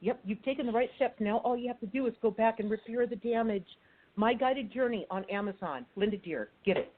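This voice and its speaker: A woman's voice: a little high, brisk, slight background noise. A woman guest author chatting in an encouraging, upbeat way. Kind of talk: casual chat. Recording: tinny phone-like line.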